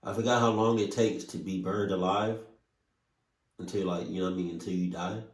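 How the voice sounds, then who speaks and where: A man's voice: low-pitched, fairly even intonation, a little fast, distant mic. A man hosting a reaction video, talking emotionally and swearing often. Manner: emotional, swears often, sudden loud outbursts. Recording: roomy echo, voice set back from mic.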